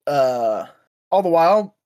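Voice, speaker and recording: Casting: lively co-host retelling episode scenes, voice swinging high and low. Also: slow pace. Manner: animated storytelling, acts out quotes, profane. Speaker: podcast co-host. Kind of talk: casual episode recap.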